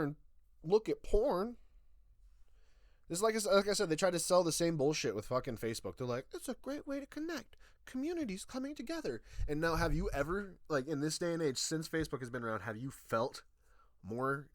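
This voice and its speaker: A man's voice: fairly high pitch, no room sound, studio quality. A young man giving a profane, sarcastic rant as a YouTube reviewer. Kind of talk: ranting commentary.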